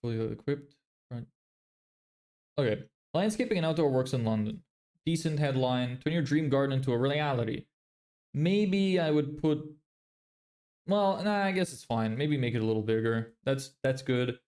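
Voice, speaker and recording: A man's voice: mid-range voice, animated, normal speed, darkish tone. A man livestreaming his screen, muttering blunt critiques of websites in a casual, neutral-sounding accent. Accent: neutral, often heard as American. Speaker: business vlogger.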